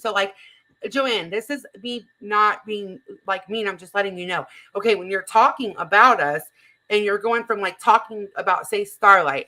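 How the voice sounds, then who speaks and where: A woman's voice: mid-range voice, bright, forceful tone, poor audio. A woman hosting a livestream, chatting casually and reading the chat aloud while reacting to a clip.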